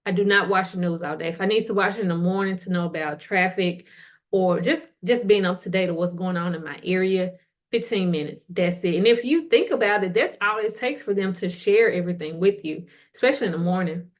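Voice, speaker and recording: A woman's voice: lowish voice, fairly quick. A middle-aged woman hosting a motivational podcast, talking casually and colloquially while asking the listener direct questions. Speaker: podcast host.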